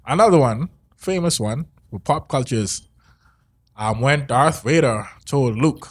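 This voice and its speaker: A man's voice: mid-range voice, expressive, measured pace, husky, no echo, studio quality. A man co-hosting a casual podcast, laid-back, presenting topics and spelling words out as he explains.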